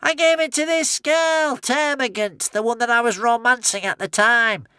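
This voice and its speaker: A man's voice: very high voice, normal speed, bright, forceful tone, clear, resonant tone, no echo, voice pushed up. A man reading an audiobook voicing a smug, impatient male villain. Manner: impatient, self-satisfied.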